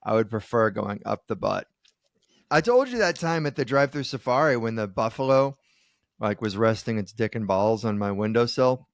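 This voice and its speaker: A man's voice: fairly low pitch, expressive, moderate pace, vocal fry, dry recording, studio quality. Wry man bantering on a podcast. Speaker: podcast co-host. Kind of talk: casual comedic chat.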